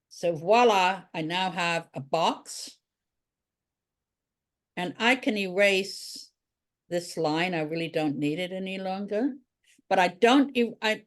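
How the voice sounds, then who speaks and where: A woman art teacher walks through a drawing lesson, chatting as she works. She thinks aloud while she draws, and her pitch sits in a middle range. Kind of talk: drawing tutorial.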